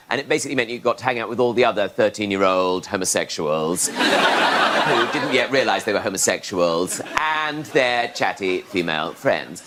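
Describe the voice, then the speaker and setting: A man with an English accent doing a wry stand-up routine on a comedy panel show. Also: on the low side. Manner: wry storytelling with put-on voices. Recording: loud noisy TV studio recording.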